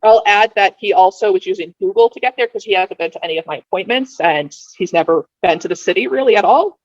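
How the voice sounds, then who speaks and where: A woman in her thirties, a podcast guest telling her birth story casually, with lively delivery and quick repeated words. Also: mid-range voice, dry recording. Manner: animated, repeats words when rushing, acts out quoted dialogue. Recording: dull lo-fi dry sound.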